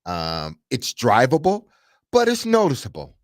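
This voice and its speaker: A man's voice: mid-range voice, a little slow, dry recording, clean studio sound. A middle-aged man, a radio host telling a story casually and dramatically, laughing as he goes. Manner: animated, laughing, dramatic retelling.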